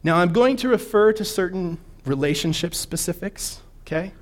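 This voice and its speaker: A man preaching a sermon in a conversational way, often checking in with his listeners and slowing down to read scripture with emphasis. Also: sits high, expressive.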